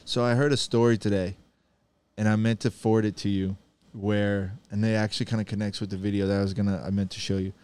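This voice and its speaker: Male podcast co-host, low smooth voice, laid-back profane banter. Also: fast talker. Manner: laughing, profane, animated banter. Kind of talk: casual chat.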